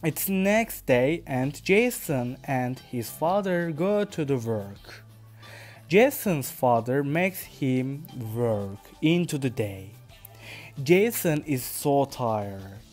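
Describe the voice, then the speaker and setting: A man with a Turkish accent, a podcast host, reads his own story aloud carefully and deliberately for English learners, now and then correcting himself. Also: medium pitch, animated, a little mellow, soft background music. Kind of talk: slow read-aloud narration for English learners.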